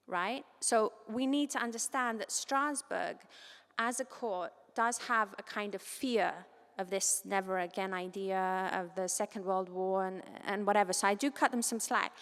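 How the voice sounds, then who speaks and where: A woman from Cyprus giving an academic conference talk, lively and informal, with quick asides and quoted voices. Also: medium pitch. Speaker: conference speaker. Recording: long reverb of a large hall.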